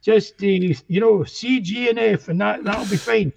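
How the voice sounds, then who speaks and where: A man's voice: high voice, unhurried, gravelly, a little mellow, slight background noise. A man putting on an older Scottish bandleader. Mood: easygoing. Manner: plain-spoken, calls people son. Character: older male Scottish bandleader, calm, kindly, firm.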